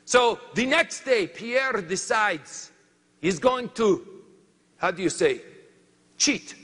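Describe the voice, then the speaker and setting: A man doing a slow French lumberjack. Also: high voice, animated, pushed and bright, breathy edge, long reverb tail, exaggerated voice. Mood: comic. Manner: halting broken English, searches for words. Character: boastful male French lumberjack, adult. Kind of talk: comic storytelling on stage.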